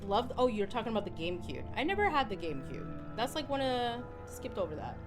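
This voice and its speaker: Chatty woman streaming a game. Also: on the high side. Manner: chatty, expressive, quick to laugh and exclaim. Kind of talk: live game stream chat, reading chat aloud. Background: game music.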